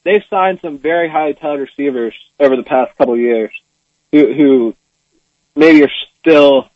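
A man's voice: a little high, moderate pace, no room sound, muffled recording. A young man calling in to a sports talk radio show as a student contributor, talking casually with hesitant restarts. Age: young adult. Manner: hesitant, many fillers and restarts.

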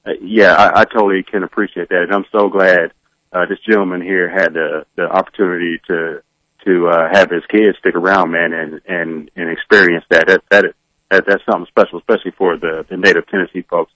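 A man co-hosting a sports radio show from a distance, reflective and halting. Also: low voice, level tone, fairly bright tone, no room sound, highs cut off. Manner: halting, reflective, many restarts. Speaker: co-host. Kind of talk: remote radio commentary.

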